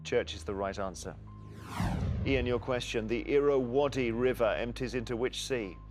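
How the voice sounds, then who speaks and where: A man hosting a quiz show, reading out questions and multiple-choice answers in a measured way. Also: medium pitch, faint music behind. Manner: measured, reads questions clearly. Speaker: quiz host.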